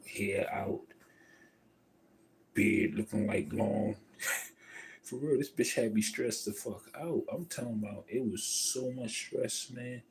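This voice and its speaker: A man in a casual livestream monologue, telling a story in a profane, emphatic and rambling way. He swings between loud outbursts and low mutters. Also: slight background noise, rough recording. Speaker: livestream host.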